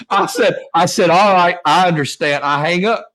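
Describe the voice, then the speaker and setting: A man's voice: sits high, animated, measured pace, bright, forceful tone. A man hosting a casual chat, telling loose, profane stories and acting out phone calls. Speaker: host.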